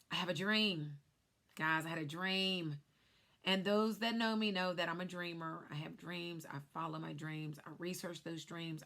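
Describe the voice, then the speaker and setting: A woman's voice: fairly low pitch, a bit bright. A woman who works as a life insurance agent, casually telling viewers her personal story in a chatty vlog. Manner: chatty, speaks straight to viewers.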